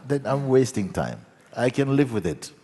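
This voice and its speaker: A man who is a spiritual teacher, telling a story at a satsang in a gentle, meandering way, with many restarts and tag questions. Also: medium pitch, very animated, normal speed. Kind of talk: satsang talk. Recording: long hall reverb.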